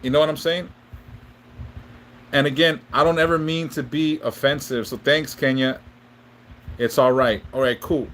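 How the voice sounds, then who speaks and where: A man's voice: mid-range voice, steady tone, moderate pace, long pauses, a bit bright, a little hiss or hum. A man hosting a casual livestream, rambling with lots of restarts and swearing freely as he chats with viewers and gives spiritual readings. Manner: rambling, profane, frequent restarts. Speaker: livestream host and spiritual reader.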